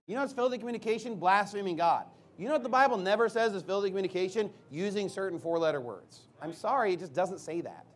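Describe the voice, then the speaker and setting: High-voiced emphatic male pastor. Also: expressive, slight background noise. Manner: defensive and emphatic, climbing to loud outbursts; rapid rhetorical questions. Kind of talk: preaching.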